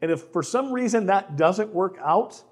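A man's voice: high voice, lively intonation, moderate pace, husky. A middle-aged man preaching a conversational sermon, often repeating words as he starts a sentence. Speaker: pastor.

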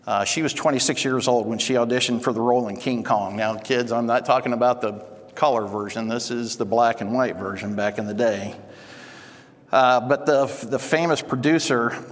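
A man teaching at church, telling stories in a folksy way with many fillers. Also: medium pitch. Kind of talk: sermon. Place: church hall. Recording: long hall reverb.

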